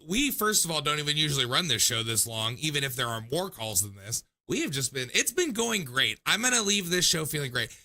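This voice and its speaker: Male stream host, tipsy and loose, profane rambling chat, sharp bright tone. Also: fairly high pitch, creaky. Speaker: livestream call-in show host. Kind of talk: casual livestream chat.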